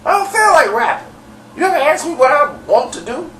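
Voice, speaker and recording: A man putting on a brash, rowdy male rapper who shouts in a high, excitable voice, recorded far from the mic in an echoey room. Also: normal speed, crowd noise. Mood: irritated.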